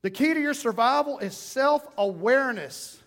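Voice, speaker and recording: A middle-aged man preaching a sermon as pastor, emphatic and repetitive, with quick self-talk asides. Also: very high-pitched, expressive, a bit bright. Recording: long reverb in a hall.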